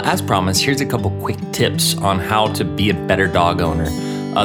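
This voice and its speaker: A man hosting a comedic mock radio show, rambling deadpan with lots of filler words. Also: on the low side.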